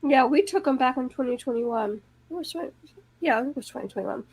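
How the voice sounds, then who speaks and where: A woman chatting casually with friends, giggly and easily sidetracked. Her voice is high, with a gravelly, fry-laden edge. She tends to stumble over her words as she laughs at herself. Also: animated, fairly quick, a little mellow. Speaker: co-host. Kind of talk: casual group chat.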